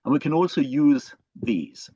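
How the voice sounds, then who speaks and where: A male professor gives an online lecture in a halting way, stopping often on fillers and restarting his phrases. The sound is dull and lo-fi, and the room is dry and close. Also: fairly high pitch, expressive, mellow, husky, no echo. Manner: hesitant, many fillers and restarts.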